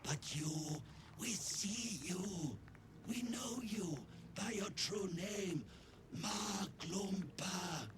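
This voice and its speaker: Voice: medium pitch, drawn-out words, noisy background. A reverent fish-folk priest. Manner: solemn, reverent proclamations. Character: fish-folk priest creature hailing a new god. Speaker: game character.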